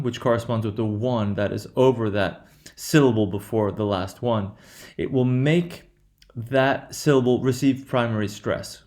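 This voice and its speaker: A man's voice: medium pitch, darkish tone, echoey room. Man teaching, saying "right?" constantly. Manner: repeats "right?" after each point, with frequent fillers. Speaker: pronunciation teacher. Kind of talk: recorded lecture.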